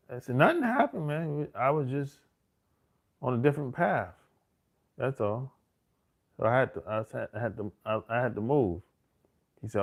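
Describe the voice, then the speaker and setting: A man's voice: mid-range voice, very animated, takes it slowly, vocal fry, long pauses. A middle-aged man, telling stories in a casual, boastful and profane monologue full of slang. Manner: profane, slangy street talk with frequent "man" and "bro"; boastful, swaggering. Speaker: host.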